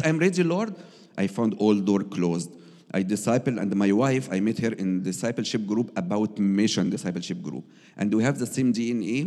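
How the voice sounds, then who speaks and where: A man's voice: fairly low pitch, in a large hall. A man who is not a native English speaker, telling a personal story as a guest missionary in broken English and acting out the people he quotes. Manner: broken English, acts out quoted voices loudly.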